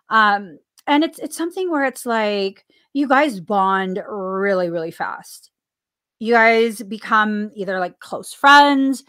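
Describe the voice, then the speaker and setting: A woman's voice: medium pitch, animated, unhurried, a bit bright. A woman hosting a casual spiritual podcast, talking earnestly and repeating phrases for emphasis. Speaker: podcast host. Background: coffee sips between remarks.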